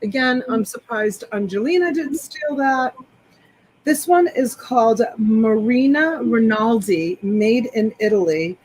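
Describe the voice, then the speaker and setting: A woman's voice: on the high side, expressive, a little slow, a little mellow, low-quality recording. A woman hosting a live selling stream, chatting enthusiastically as she describes each clothing item. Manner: enthusiastic, rambling product descriptions. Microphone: desktop USB microphone.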